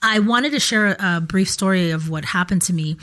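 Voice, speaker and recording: A woman's voice: fairly low pitch, normal speed, a bit bright. A woman co-hosting a podcast, telling a personal story in an earnest, conversational way and acting out what others said. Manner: earnest, storytelling, acts out quoted voices. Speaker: podcast co-host. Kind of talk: casual chat. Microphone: podcast microphone.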